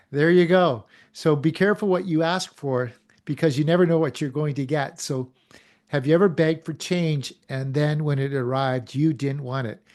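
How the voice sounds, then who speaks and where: A man giving an animated motivational talk as a show host, firing questions at his audience and acting out little quotes. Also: fairly high pitch, unhurried.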